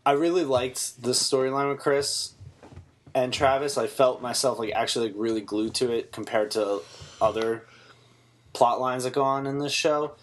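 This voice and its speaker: A man's voice: mid-range voice, fairly even intonation, moderate pace. A man co-hosting a casual TV review podcast, talking bluntly and mockingly and swearing freely. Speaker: podcast co-host.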